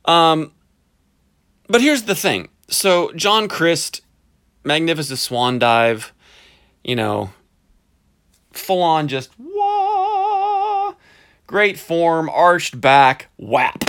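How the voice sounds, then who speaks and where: A man's voice: on the high side, clear, resonant tone. Sarcastic man ranting in commentary. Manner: sarcastic, animated, emphatic with drawn-out stresses. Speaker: podcast commentator.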